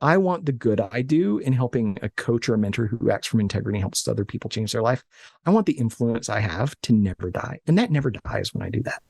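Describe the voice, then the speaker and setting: This guest, an Alabama man in his late thirties, chats casually from his office, spinning lively, jokey anecdotes and frequently starting over. His medium-pitched voice is gravelly and husky, his pace quick, and the recording dry.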